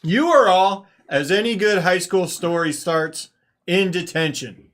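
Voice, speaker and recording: A man's voice: sits high, a little slow, fairly bright tone. A man running a tabletop game as game master, reading rules and chatting, laughing often.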